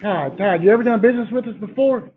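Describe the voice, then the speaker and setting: A man, a sales trainee, doing phone role-play practice with rapid, eager sales patter. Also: high voice. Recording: tinny phone-like line.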